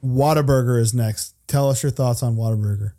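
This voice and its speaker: A man's voice: medium pitch, brisk, mellow. A man hosting a casual podcast, teasing and hyping up his guest. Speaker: podcast host.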